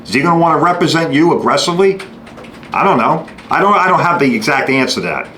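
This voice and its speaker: A man hosting a podcast, giving a blunt, sarcastic monologue and acting out customers and shop staff in quick quoted bits. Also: fairly high pitch, lively intonation, bright, forceful tone. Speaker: podcast host. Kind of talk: opinionated monologue. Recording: echoey room with faint noise.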